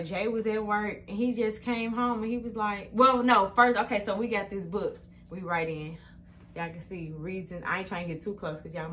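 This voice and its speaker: A woman's voice: on the low side, a bit bright, a little hiss or hum. A woman vlogging at home in a casual, chatty way, talking straight to her viewers on a phone camera.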